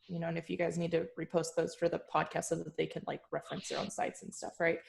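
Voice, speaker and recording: A woman's voice: sits low, little pitch movement, fast, gravelly. A woman co-hosting a podcast, chatting casually about politics, with lots of fillers and hedges. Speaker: podcast co-host.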